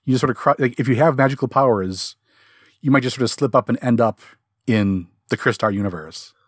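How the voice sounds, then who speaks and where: A man in casual podcast chat who circles his point with fillers and false starts. His voice sits at an ordinary middle pitch. The sound is dry and close. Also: brisk, no echo. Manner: rambling, lots of fillers and restarts. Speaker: podcast co-host.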